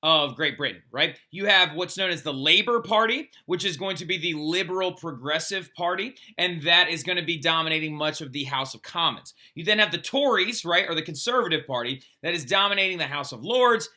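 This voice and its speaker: This is a male history teacher giving a recorded lecture, his voice very bright and a bit high. He talks loosely and conversationally and keeps tossing in a "right?" to check that the class is following. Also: fairly quick, few pauses.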